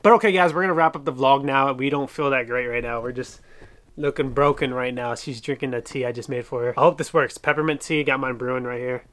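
A young man hosting a casual vlog, talking loudly and teasing as he speaks straight to the camera. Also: mid-range voice, steady tone, quick pace. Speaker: vlogger host. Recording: noisy handheld recording.

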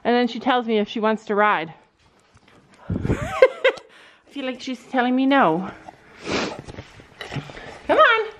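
A chatty mom with a high voice talks casually to a handheld camera outside at a horse barn. She laughs a lot and slips into cooing baby talk with the animals. Faint background noise sits under her voice. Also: wildly swooping pitch, slow pace, pauses often, fairly bright tone. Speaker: mom vlogger. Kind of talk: casual vlog chat.

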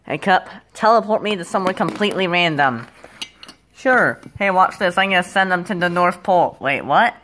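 Bright-voiced woman voicing puppet skits. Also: fairly low pitch, expressive, moderate pace, slight background noise. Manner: hesitant, full of filler words. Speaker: plush puppet show creator. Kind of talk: improvised plush puppet skit.

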